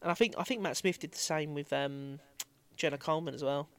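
A man's voice: fairly high pitch, fairly quick, a bit bright, clean tone. A man co-hosting a podcast in casual chat, thinking aloud and rambling. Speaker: podcast co-host.

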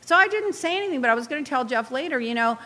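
Woman dishing a story, high voice, bright and sharp, really lively. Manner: animated, indignant, quick asides. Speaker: guest recounting reality show events. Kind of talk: casual storytelling chat.

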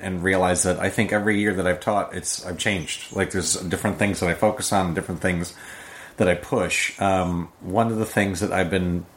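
A man who teaches improv, talking casually in an interview and acting out quoted lines. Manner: animated storytelling, acts out quoted lines in a high voice.

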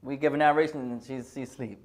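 A teasing teacher cracking jokes in class. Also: male voice, mid-range voice, fairly even intonation, quick pace. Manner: playful, teasing, mixes Arabic phrases into English. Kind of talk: joking classroom lecture.

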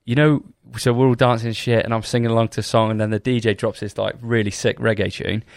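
A man's voice: on the low side, level tone, fast, creaky, dry recording, studio quality. A young British man co-hosting a podcast, telling funny stories in casual chat and swearing freely. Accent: British English. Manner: swears freely, laughs at his own stories. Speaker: podcast co-host.

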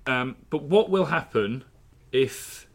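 A man's voice: mid-range voice, animated, slow pace, vocal fry. A man hosting a casual political chat podcast, joking, laughing often and restarting his sentences. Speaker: podcast host.

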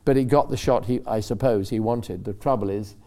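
A man telling rambling, animated racing stories in a casual chat, acting out what others said. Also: on the low side, brisk. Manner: rambling, animated storytelling with acted-out quotes. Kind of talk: casual anecdote.

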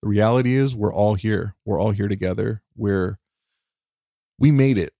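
A heartfelt man speaks on his own podcast in a fairly low voice. He sounds emotional and close to tears, stumbling over restarts and breaking into small laughs. The recording is dry, with no room sound. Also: normal speed, gravelly, mellow, dry recording. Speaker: podcast host. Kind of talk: reflective solo podcast monologue.

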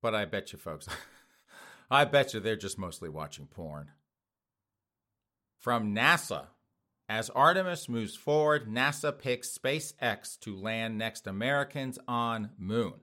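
Male commentary host, bright tone, sarcastic, mocking delivery. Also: fairly low pitch, expressive, takes it slowly. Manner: mocking, sarcastic, chuckles often; addresses listeners as folks. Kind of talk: casual news commentary.

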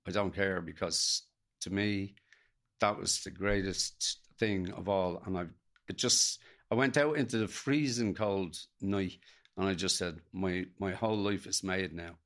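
A middle-aged Irish man tells an emotional story from his own life, pausing and restarting as he quotes what others said. His voice sits on the low side with a gravelly fry. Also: fairly even intonation, a bit bright. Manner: gravelly, halting, retells dialogue in quotes. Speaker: guest.

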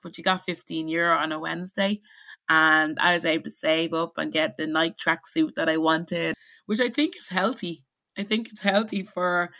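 Candid and reflective, a young Caribbean-raised woman talks as an interview guest in a conversational exchange, restarting often. Her voice is low and a bit bright.

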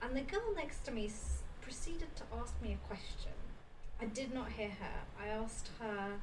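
High-pitched woman telling a story on a podcast, kinda quiet, off mic with noise behind. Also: normal speed. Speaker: podcast co-host. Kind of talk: casual storytelling. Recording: distant mic with steady background noise.

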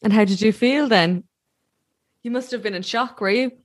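A woman's voice: on the high side, moderate pace, dry recording. A woman interviewing a guest, asking short, sympathetic questions.

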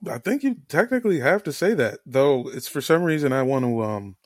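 A man co-hosting a casual podcast chat, animated and excitable, swearing casually. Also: medium pitch, fairly quick, no echo, studio quality. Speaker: podcast co-host.

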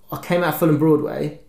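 A man's voice: a little high, gravelly. Rambling man telling a story. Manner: rambling animated storytelling, acts out shouts. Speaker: podcast co-host. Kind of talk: casual chat. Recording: echoey room with faint noise.

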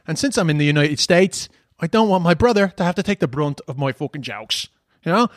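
A man with a Dublin accent spins a loose, swearing story, chuckling at his own jokes. His voice sits a touch high for a man, and the sound is dry and close. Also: fast, no room sound. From Ireland. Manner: rambling, swearing, self-amused. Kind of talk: casual storytelling monologue.

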